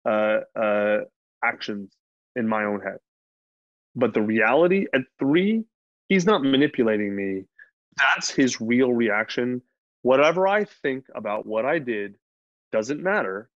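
A man speaks as an interview guest, telling a personal story in a loose, candid, rambling way with plenty of fillers and the odd curse. His voice sits at an ordinary pitch for a man. The recording is muffled and lo-fi, with a dead, dry sound. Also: no echo. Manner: candid, rambling, swears freely, lots of fillers. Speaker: podcast guest. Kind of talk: casual storytelling.

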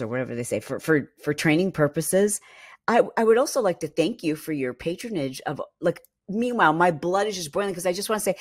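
A woman hosting a casual podcast monologue, ranting with animated exasperation and lots of fillers. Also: sits low, brisk. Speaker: podcast host.

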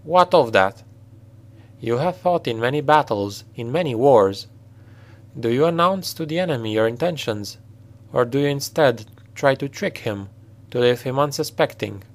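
A man reading a storybook voices a grave, secretive male necromancer who speaks in a measured, cryptic way. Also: mid-range voice, expressive, natural voice. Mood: probing.

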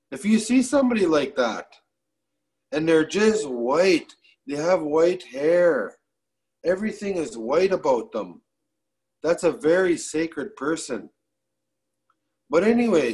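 Male oral storyteller from Canada. Measured and repetitive, slightly high, very unhurried. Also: a little mellow. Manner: measured, repetitive, with frequent restarts.

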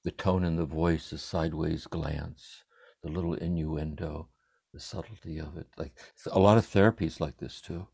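Older man, deep and gravelly, meditative. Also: steady tone, normal speed, no room sound. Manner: meditative, softly trailing phrases. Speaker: spiritual retreat speaker. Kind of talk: contemplative spiritual reflection. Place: room at home. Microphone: livestream computer mic.

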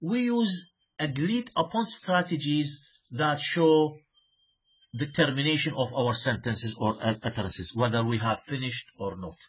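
A male lecturer explains things to a class in English, repeating points and checking understanding as he goes. His pitch moves animatedly up and down, and his voice has a slightly husky edge. The recording sounds dull and lo-fi. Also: animated, measured pace, a bit bright. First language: Arabic. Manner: repeats himself, checks with "right?", switches into Arabic asides.

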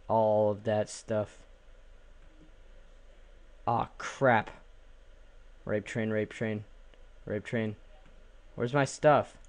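A young man casually commenting on his own game, joking, exclaiming and chanting silly repeated words at the animals. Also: on the low side. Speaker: gaming channel host. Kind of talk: casual let's play commentary.

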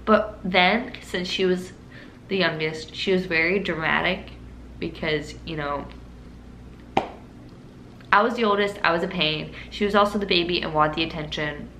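A young woman with a bright, crisp voice tells a story from her childhood in a casual vlog. She chats along animatedly, laughing often and scattering filler words. The room sounds echoey, with a faint hiss underneath. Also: lowish voice, moderate pace, long pauses. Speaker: vlogger. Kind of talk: casual story-time monologue.

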